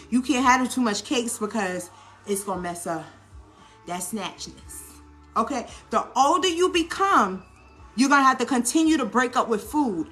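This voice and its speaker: A woman with a New Orleans accent talks her viewers through a cooking vlog, animated and coaching, checking in with them every few lines. Her voice sits a little high and has a bright, forceful edge. Soft music plays underneath. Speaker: lifestyle vlogger. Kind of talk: casual cooking vlog talk.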